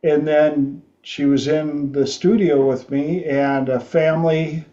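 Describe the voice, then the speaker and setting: A man's voice: on the high side, fairly even intonation, slow, warm tone, muffled recording. A man hosting a podcast, telling a story in a frank, rambling way with frequent restarts. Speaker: podcast host. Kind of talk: storytelling chat.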